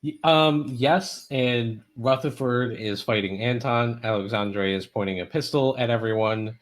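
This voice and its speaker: Casual halting male game master. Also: medium pitch. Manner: halting, filler-heavy, casual. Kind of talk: narrating a tabletop game.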